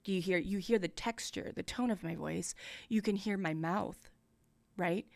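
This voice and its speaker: A woman's voice: on the low side, moderate pace, gravelly. A woman hosts a livestream music review from what sounds like a home studio. She coaches casually and explains things plainly, moving closer to the studio mic and away from it to show the difference. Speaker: host giving music feedback. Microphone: studio mic, moved near and far.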